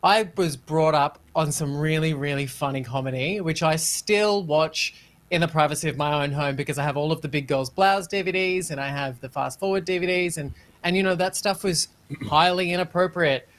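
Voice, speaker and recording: A man's voice: a little high, moderate pace, a bit bright. A man co-hosting a panel talk show, giving his opinion emphatically and repeating himself for stress. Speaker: co-host.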